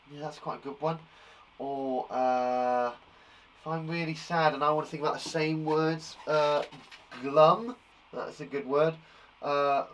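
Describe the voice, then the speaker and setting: A man with an English accent teaching a live online lesson to young children, lively and animated, acting out example sentences. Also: mid-range voice, distant mic, slight background noise, rough recording. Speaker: primary school teacher.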